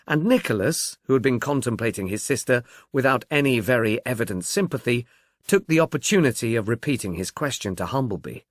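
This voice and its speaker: A man reading a detective novel aloud as narrator, in a measured, expressive storytelling manner. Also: medium pitch, dry recording, clean studio sound.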